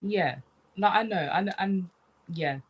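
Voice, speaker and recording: A young woman from the UK talks casually as an interview guest. Her voice is mid-pitched, and her delivery is chatty and animated, with a loose, easygoing flow. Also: slow pace, breathy edge. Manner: chatty, animated, says "man" often. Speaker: comedian guest.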